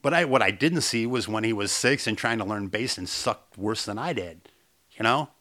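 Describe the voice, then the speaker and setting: A man co-hosting a podcast in casual chat, excitable and profane, laughing often. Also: on the low side, moderate pace. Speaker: podcast co-host.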